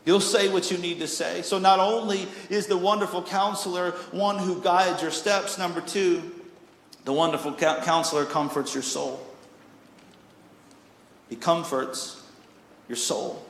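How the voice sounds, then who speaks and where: Male pastor, young adult, sermon, animated storytelling, fairly high voice, roomy hall with long reverb. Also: measured pace, gravelly. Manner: animated, jokey storytelling with acted-out voices, rising to near shouts.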